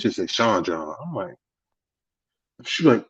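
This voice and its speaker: A man's voice: lowish voice, big pitch swings, moderate pace, long pauses, breathy edge, dull audio. A man co-hosting a podcast, telling a story in casual chat, profane, acting out the people he quotes. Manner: acts out quotes in voices, profane. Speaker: podcast co-host.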